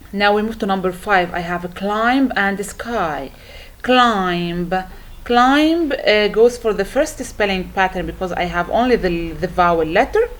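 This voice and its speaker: A woman teacher walking students through a worksheet, explaining slowly and carefully with frequent pauses and restarts. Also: mid-range voice. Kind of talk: worksheet walkthrough lesson.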